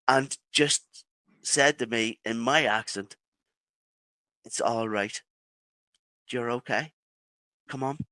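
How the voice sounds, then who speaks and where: A man with an Irish accent, a podcast guest telling a personal story in halting phrases with many restarts. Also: mid-range voice, a bit bright, dry recording. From Ireland.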